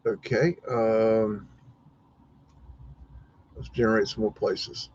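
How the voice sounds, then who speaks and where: Slow, hesitant man on a dull mic. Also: lowish voice, mellow, breathy edge. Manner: hesitant, many fillers and restarts. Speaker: podcast co-host. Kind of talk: casual livestream chat while browsing maps. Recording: dull lo-fi stream audio.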